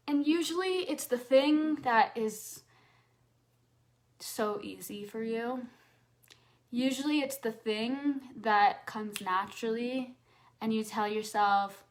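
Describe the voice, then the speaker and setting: A woman coaching a live audience, speaking earnestly and repeating phrases for emphasis, sometimes dropping to a soft hush as she leads affirmations. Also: on the high side, takes it slowly, long pauses.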